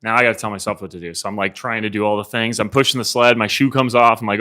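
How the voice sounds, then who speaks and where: Bright-voiced man telling a lively story. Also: fairly low pitch, fast talker. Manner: animated storytelling, acts out his own inner thoughts, swears casually. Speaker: CEO coaching real estate agents. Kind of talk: live coaching story to a room. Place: meeting room with a live audience.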